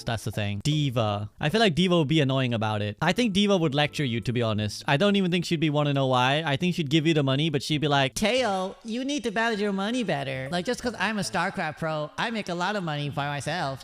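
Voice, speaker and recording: Chatty male streamer, mid-pitched, rambles and corrects himself, faint music underneath. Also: a bit bright, clean tone. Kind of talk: casual tier-list commentary.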